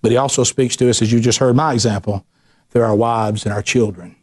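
A middle-aged man preaching a sermon, telling lively personal stories and acting out the voices in them. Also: medium pitch, brisk, slightly rough. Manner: animated storyteller, acts out voices, ranting bursts.

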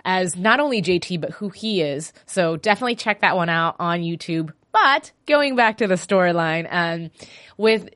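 A woman with a fairly low voice hosts a casual recap podcast at a moderate pace, recorded dry with clean studio sound. She's chatty and animated, frequently quoting characters in different voices.

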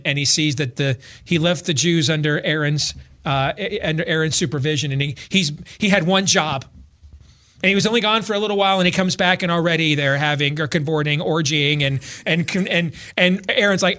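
A man hosting a talk show, telling stories with lots of stammers and restarts in casual banter. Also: on the high side. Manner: animated storyteller, stammers and restarts.

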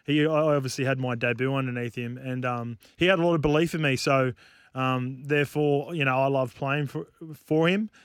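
A man's voice: medium pitch, fairly even intonation, fairly quick, smooth, dry recording, clean studio sound. A man co-hosting a sports podcast, a former player speaking hesitantly with many fillers. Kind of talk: casual chat.

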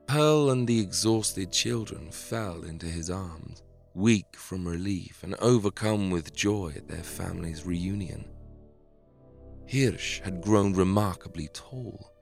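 A man narrating a scripted historical story in a measured, dramatic way. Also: low voice, gravelly, darkish tone, soft background music.

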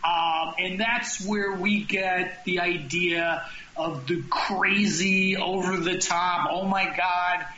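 A man's voice: high-pitched, steady tone, bright, forceful tone, echoey room, highs cut off, slight background noise. A man hosting a podcast in casual chat, rambling and restarting his sentences often. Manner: rambling, halting with many restarts. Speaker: podcast host.

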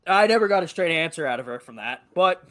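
Young male co-host, light Massachusetts accent, high lively voice, jokey and profane. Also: quick pace. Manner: animated, joking, swears freely. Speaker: podcast co-host. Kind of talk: casual chat.

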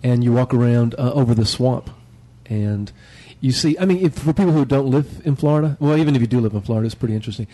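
Man, podcast guest, relaxed rambling chat, mellow voice, mid pitch. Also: fast talker, few pauses. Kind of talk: casual roundtable chat.

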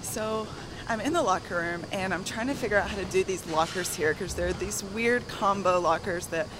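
Southern woman guest, breathless and giggly, gym noise behind, mid-pitched. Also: moderate pace. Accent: Southern American. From American South. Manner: soft, giggly, rambling. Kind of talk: casual storytelling. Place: gym on a treadmill.

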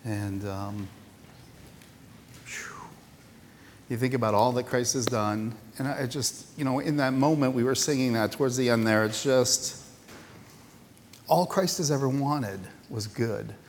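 Halting, conversational male pastor in a hall. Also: medium pitch, a little hiss or hum. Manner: conversational, self-deprecating, halting with restarts. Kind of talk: sermon. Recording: reverberant church hall.

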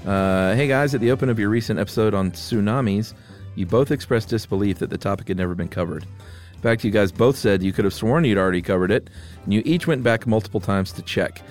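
A man co-hosting a podcast, reading listener mail aloud in a relaxed, casual way with easy laughs. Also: fairly low pitch, fast talker, soft background music. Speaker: podcast co-host.

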